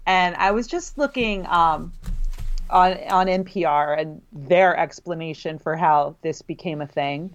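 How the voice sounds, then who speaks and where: A woman's voice: fairly low pitch, unhurried, dull audio. A woman who teaches college writing, co-hosting a casual talk and laughing often between fillers. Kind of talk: casual conversation.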